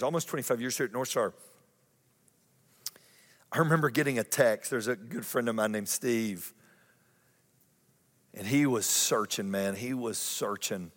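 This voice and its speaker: A male pastor preaching a lively sermon, repeating phrases and climbing higher in pitch for emphasis. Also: in a large hall. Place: church auditorium.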